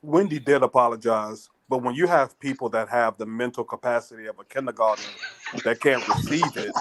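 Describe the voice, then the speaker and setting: A man's voice: medium pitch, brisk, poor audio. A man joining a live stream as a guest, mocking and laughing as he talks. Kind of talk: casual chat. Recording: loud noise and clicks.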